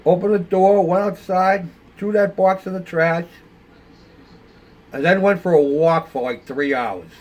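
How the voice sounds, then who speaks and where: An older man with a high voice and a measured pace rambles casually about building model ships. He's conversational and fills his speech with plenty of fillers.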